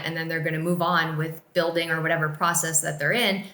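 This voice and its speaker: Woman, podcast guest, earnest encouraging tone, lowish pitch, echoey room. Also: level tone, brisk, pushed and bright. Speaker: podcast guest, office staff. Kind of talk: casual podcast chat.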